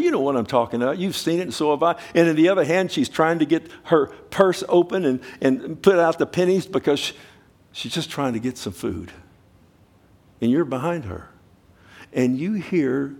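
A man preaching a sermon, animated, swinging from loud urgent bursts to quiet low asides. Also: husky.

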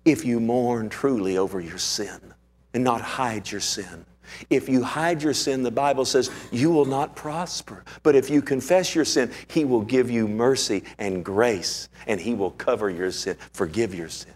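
Dramatic male preacher. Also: unhurried. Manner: dramatic, acts out quotes with big swings in pitch and loudness. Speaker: pastor. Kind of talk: sermon.

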